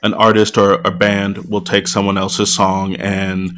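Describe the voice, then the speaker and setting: A man's voice: fairly low pitch, completely flat delivery, unhurried, a bit bright, clear, resonant tone. A man co-hosting a podcast, talking in an easygoing, playful, conversational way. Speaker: podcast co-host. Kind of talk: casual podcast discussion.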